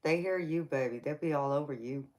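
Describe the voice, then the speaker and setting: A woman's voice: low voice, brisk, a little mellow. A woman with a Southern US accent, a tarot reader hosting a casual livestream chat, teasing viewers and calling them baby.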